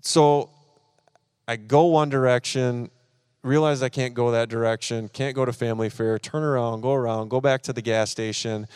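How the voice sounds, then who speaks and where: A man's voice: medium pitch, steady tone, normal speed, darkish tone, clear, resonant tone, no room sound, studio quality. A man, preaching at a church service and animatedly acting out his own frustration while telling a personal story. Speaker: pastor.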